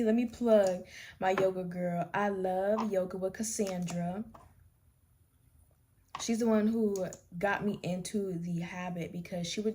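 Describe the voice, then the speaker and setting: With a mid-range, dark-toned voice and a little background noise, a young woman tells her story while putting on makeup. Her get-ready-with-me vlog is candid and rambling, full of restarted sentences.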